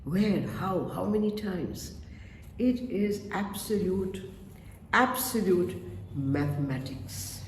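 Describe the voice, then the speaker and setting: A man giving a webinar lecture on rhythm in music and dance, counting beats aloud and pausing often. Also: high-pitched. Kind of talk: slow spoken lecture. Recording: echoey room, faint background noise.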